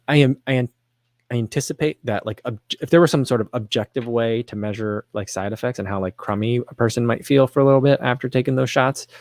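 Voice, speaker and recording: A man's voice: fairly low pitch, a little mellow, no room sound. A man hosting a casual livestream, reading viewer questions and rambling about running shoes in a self-deprecating way. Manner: rambling, self-deprecating, with frequent restarts and fillers.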